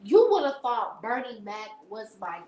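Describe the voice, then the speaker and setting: A woman's voice: on the high side, sing-song, unhurried, warm tone, slight background noise. A young woman, chatting casually to viewers in a rambling, laughing storytelling way. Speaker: live stream host. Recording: echoey room.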